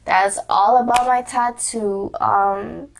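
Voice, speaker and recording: A woman's voice: on the high side, steady tone, slow. A young woman vlogger telling a casual story, rambling with lots of fillers, restarts and giggles.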